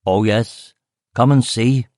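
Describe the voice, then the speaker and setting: A man's voice: medium pitch, slow, a little mellow, no room sound, clean studio sound, lightly acted. A man voicing a grizzled, blunt detective chief of about fifty, with a faint Scottish accent. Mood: gruff, weary. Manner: blunt, gruff, swearing.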